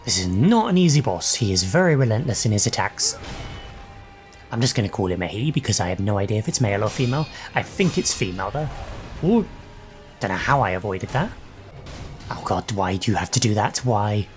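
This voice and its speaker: A man's voice: on the low side, big pitch swings, brisk, soft background music. A young adult man casually commentating his own gameplay, swearing and reacting aloud as he fights. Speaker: gaming channel host.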